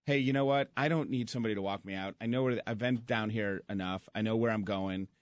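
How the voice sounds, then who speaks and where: A man's voice: on the low side, steady tone, fast talker, dry recording. A man co-hosting a radio show, telling a story in a casual, rambling way with lots of fillers.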